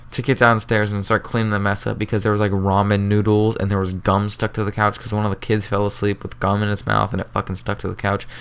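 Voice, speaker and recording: A man's voice: lowish voice, fairly bright tone, smooth. Laid-back teen guy telling a story. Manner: laid-back, rambling, swears freely, many fillers. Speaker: vlogger. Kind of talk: casual storytime monologue.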